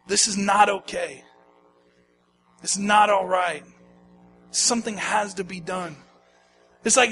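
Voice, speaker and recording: A middle-aged male pastor preaching a sermon, swinging from shouts to hushed, soft-spoken lines. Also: high-pitched, slight background noise. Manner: animated preaching, swings from shouting to near-whisper.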